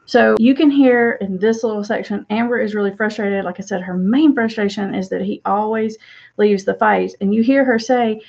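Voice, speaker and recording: A woman coach talks through an argument clip in a calm, explanatory, direct way. Her voice sits at an ordinary middle pitch. The audio is slightly dull and lo-fi. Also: moderate pace, creaky. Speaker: relationship coach. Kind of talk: commentary analyzing an audio clip.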